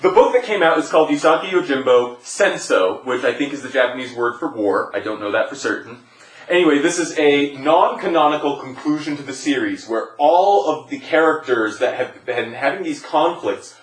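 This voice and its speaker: A man co-hosting a casual podcast, talking enthusiastically and rambling a little. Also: on the high side. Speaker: podcast co-host. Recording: roomy echo.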